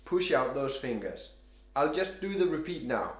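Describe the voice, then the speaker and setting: Male sax teacher, fairly high voice with a lot of lift and fall, calm step-by-step coaching in a roomy space. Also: moderate pace. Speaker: saxophone teacher. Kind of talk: instructional demonstration. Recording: roomy echo.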